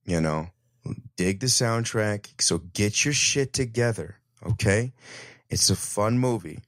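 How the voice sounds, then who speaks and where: Rambling, foul-mouthed low-voiced man. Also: a little slow, no echo, clean studio sound. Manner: rambling, profane, hyped-up. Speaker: podcast host. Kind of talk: casual comedic podcast chat.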